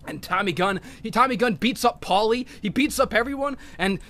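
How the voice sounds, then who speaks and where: A man hosting a podcast, telling a story in an excited, rambling way with lots of swearing. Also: high voice, a little fast. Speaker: podcast host. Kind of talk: casual podcast chat.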